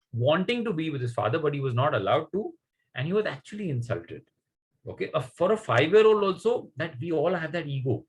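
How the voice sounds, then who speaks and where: A man's voice: on the high side, slightly rough, poor audio. A man telling a story to children in a conversational way, often asking them questions.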